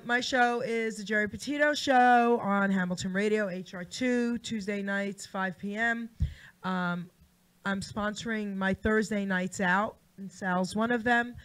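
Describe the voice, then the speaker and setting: A woman's voice: mid-range voice, a bit bright, smooth. A woman who hosts her own radio show, chatting in a friendly, upbeat way as she describes it in the studio. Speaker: radio show host, guest. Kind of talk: casual studio chat.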